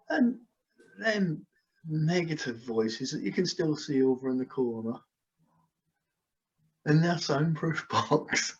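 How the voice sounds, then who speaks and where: A man's voice: on the high side, lively intonation, slow, pauses often. Hypnotist man, soothing, on a dull call. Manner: soothing, repetitive trance suggestions. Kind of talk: guided hypnosis session. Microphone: video call. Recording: dull, lo-fi video call audio.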